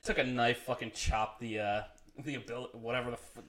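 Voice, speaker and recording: A man's voice: medium pitch, little pitch movement, moderate pace, a bit bright. A man telling a profane, laugh-filled story in a casual chat, acting out the people he quotes. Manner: profane, laughs often, acts out quoted friends.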